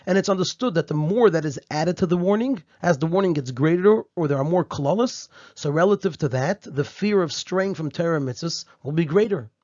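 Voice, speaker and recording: A man with a fairly high voice works through a Torah text step by step, repeating key phrases and saying Hebrew terms the Ashkenazi way. The recording is dry and a little dull. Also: a little fast, hardly any pauses, a little mellow, no echo. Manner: uses Hebrew and Yiddish terms in Ashkenazi pronunciation. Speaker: Torah teacher. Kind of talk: explaining a Torah text line by line.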